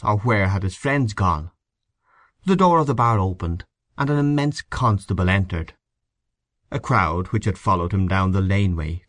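A man giving a measured, expressive reading of a short story as its narrator. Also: on the low side, dry recording. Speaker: audiobook narrator.

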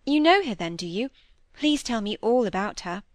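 A woman's voice: on the high side, sing-song, moderate pace, dry recording, clean studio sound. A woman voicing an eager, candid young girl in an audiobook reading.

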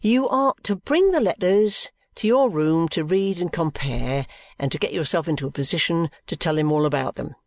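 A woman reading aloud and voicing an anxious young male law clerk who talks in a nervy, hushed, conspiratorial way. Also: low-pitched, expressive, normal speed, dry recording. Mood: whispered scheming.

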